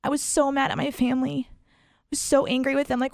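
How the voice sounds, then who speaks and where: A woman's voice: sits high, little pitch movement, brisk, creaky, darkish tone, no room sound, clean studio sound. A woman telling a personal story in casual conversation, rambling with many fillers and frequent laughs. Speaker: guest sharing her story.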